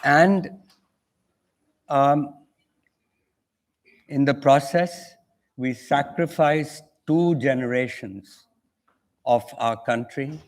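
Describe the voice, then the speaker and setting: An older author with an Indian English accent tells a story at a measured, unhurried pace. He acts out the other people's lines as he goes, with a pitch that sits in the middle for a man. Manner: acts out dialogue in an anecdote. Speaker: author and conference guest. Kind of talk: storytelling on a panel.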